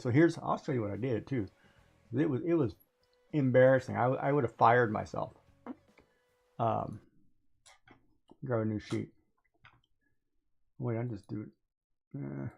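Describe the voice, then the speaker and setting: A man on a casual stream tells a long story in a rambling, animated way, with lots of asides. His voice sits at a middle pitch with a gravelly edge. He sometimes drifts away from the mic as he draws.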